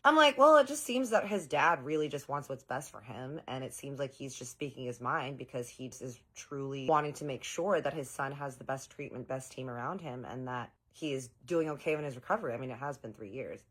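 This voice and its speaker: A woman's voice: a bass voice, a little fast, hardly any pauses, a bit bright, breathy edge. A woman telling a story in a casual, gossipy, sarcastic way, with swearing.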